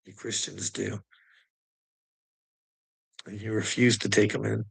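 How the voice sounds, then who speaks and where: A man rants into the mic in a taunting, profane monologue, his voice rough and gravelly. The tone is tense and edgy, and he mocks his listeners, hammering home words by repeating them. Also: fairly low pitch, flat delivery, takes it slowly, a bit bright. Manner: taunting, profane, mocking laughs. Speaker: online commentator. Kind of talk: ranting monologue to camera.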